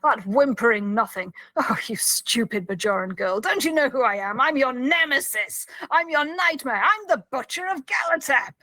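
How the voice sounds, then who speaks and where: A woman reads out a defiant male alien war criminal in a pitched-up, forceful voice, shouting his boasts. The recording is close and dry, with no room sound. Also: expressive, moderate pace, few pauses, no echo, low-quality recording. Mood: defiant ranting. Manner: read aloud with rising, louder emphasis.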